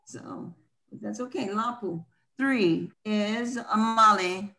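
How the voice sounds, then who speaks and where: A woman's voice: medium pitch, slow, creaky, sharp tone. Patient woman teaching a class. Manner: patient, explaining step by step. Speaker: language teacher. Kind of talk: online language class.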